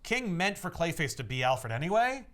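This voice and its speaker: A man's voice: a little high, sing-song, normal speed, fairly bright tone. A man co-hosting a casual podcast, animatedly recapping a comic story with laughs and fillers. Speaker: podcast co-host.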